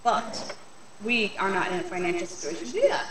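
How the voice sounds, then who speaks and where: A woman's voice: mid-range voice, lively intonation, brisk, fairly bright tone, far from the mic, slight background noise. A woman co-hosting a casual chat, practical and listing things off. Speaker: co-host. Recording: roomy, a bit off-mic.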